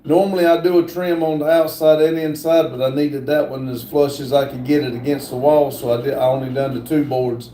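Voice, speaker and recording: A man hosting a live stream, chatting casually with halting speech and many filler words. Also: medium pitch, flat delivery, mellow, echoey room, slight background noise. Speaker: livestream host. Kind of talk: casual live chat, reading comments aloud.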